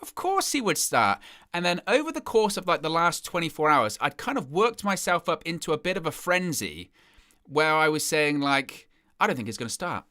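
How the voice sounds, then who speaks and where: A man's voice: fairly high pitch, big pitch swings, normal speed, bright, forceful tone, no echo, studio quality. A young man hosting a football fan live stream, chatting casually in a rambling, self-deprecating way and often repeating himself.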